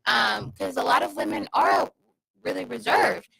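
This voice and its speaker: A woman's voice: on the high side, unhurried, vocal fry, a crowd in the background, rough recording. A woman speaking frankly and casually in a group podcast chat, with casual swearing.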